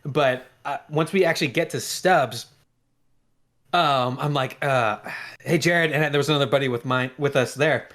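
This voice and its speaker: A man co-hosting a podcast, telling a story in a lively way and acting out the people in it. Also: mid-range voice, normal speed. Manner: animated, acts out quoted voices. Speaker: podcast co-host. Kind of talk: casual storytelling chat.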